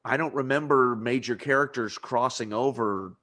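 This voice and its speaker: A man's voice: medium pitch, normal speed, sharp tone. A man hosting a podcast interview in casual chat, rambling with lots of restarts and frequent laughter. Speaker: podcast host.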